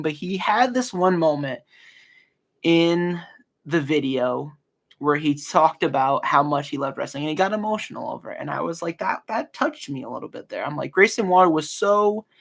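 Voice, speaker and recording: Gravelly and a little high, this young man's voice moves at a moderate pace. In his early twenties, he runs a casual solo podcast where he talks earnestly, full of fillers and restarts.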